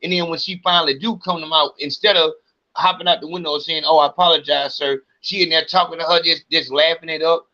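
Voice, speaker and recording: Agitated man venting, bright-edged voice. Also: on the high side, muffled recording. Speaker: podcast host. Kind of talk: ranting monologue.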